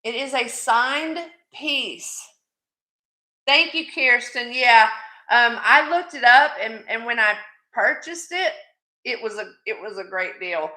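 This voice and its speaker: A woman's voice: on the high side, animated, unhurried, sharp tone, echoey room. A woman hosting a live jewelry sale stream, chatty and affectionate with her viewers, calling them sweetie. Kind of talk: live-stream selling chat.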